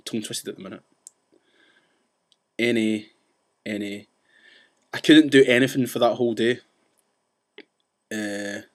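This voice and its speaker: Rambling man ranting. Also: mid-range voice. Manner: rambling, with restarts and asides; says he talks fast. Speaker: vlogger. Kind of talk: casual rant to camera.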